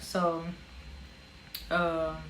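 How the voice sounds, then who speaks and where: A young woman telling a personal story in a casual vlog, animated, with casual slang. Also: low voice, extremely slow. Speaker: vlogger. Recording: roomy echo with faint ambient noise.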